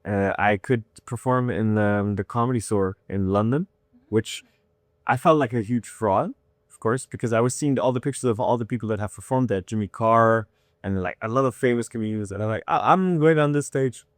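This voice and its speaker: Animated man in his thirties, dry sound. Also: on the low side, a little fast, no room sound. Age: 30s. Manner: candid, animated storytelling with acted-out quotes. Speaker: comedian guest. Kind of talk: casual interview chat.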